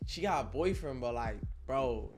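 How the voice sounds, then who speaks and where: A young man voicing a laid-back, smug teenage friend who mumbles his bragging quietly. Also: medium pitch, animated, normal speed, faint music behind, close to an everyday voice.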